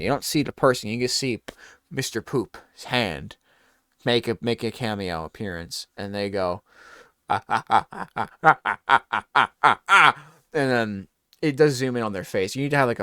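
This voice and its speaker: A man's voice: mid-range voice, clear, resonant tone, no echo, studio quality. A man hosting a talk show, telling a rambling comedic bit and acting out scenes. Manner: animated, rambling, acts out scenes.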